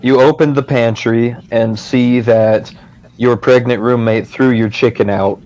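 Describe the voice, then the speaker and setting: A man's voice: mid-range voice, steady tone, measured pace, a little mellow, highs cut off. A man hosting a casual podcast, asking questions in a crude, swearing, mock-exasperated way. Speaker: podcast host. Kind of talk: casual chat.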